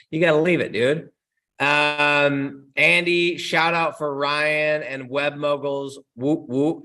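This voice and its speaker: A young adult man hosting a casual live Q&A stream, answering chat questions with energetic, slangy talk aimed straight at his viewers. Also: on the high side.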